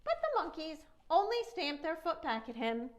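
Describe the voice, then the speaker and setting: A woman librarian reading a picture book aloud to children, expressive and asking them questions. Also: sits high, normal speed, noisy background. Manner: expressive storytelling, asks young listeners questions.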